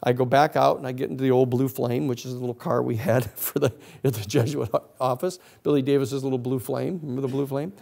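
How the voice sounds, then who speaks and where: A man with a gravelly, fry-edged voice tells a story to a class. He is animated and acts out the other people's lines as he goes, at a middling pitch. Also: fast, few pauses. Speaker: lecturer.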